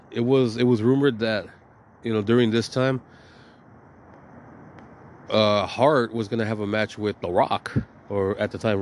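A man's voice: medium pitch, darkish tone, a little hiss or hum. A man hosting a podcast, talking casually in a rambling, profane and emphatic way. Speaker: podcast host.

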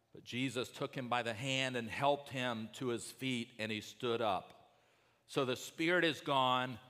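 A man's voice: medium pitch, a bit bright, big-room sound. A man preaching a sermon as pastor, talking in an earnest, conversational way with fillers and asides.

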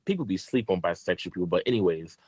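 A man's voice: sits low, lively intonation, quick pace, darkish tone, breathy edge, dry recording. A man co-hosting a podcast, telling a long story in casual, profane chat, full of fillers and restarts.

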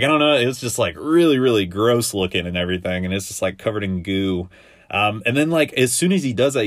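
Young male podcast host, low-pitched, loose rambling recap, dry close-mic sound. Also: no echo. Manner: rambling, laid-back, lots of fillers and quick asides. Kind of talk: casual recap of a TV episode.

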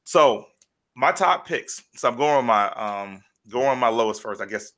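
Bright-voiced man in casual podcast chat. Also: medium pitch, moderate pace. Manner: animated storytelling with many fillers. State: choked up, near tears. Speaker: podcast co-host.

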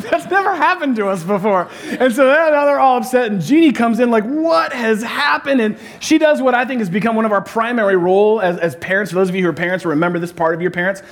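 A man's voice: sits high, expressive, brisk. A man preaching a sermon as a pastor, telling stories in a humorous, conversational way.

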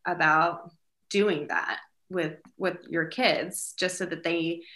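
A woman's voice: on the low side, steady tone, slow pace, sharp tone. A woman, a single mother, chatting casually in an interview with many fillers and light laughs. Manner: chatty, lots of fillers, giggly.

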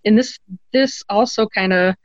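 A woman's voice: mid-range voice, no room sound, lo-fi sound. Earnest woman telling a personal story. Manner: earnest, halting, many ums and restarts. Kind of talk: conversational storytelling.

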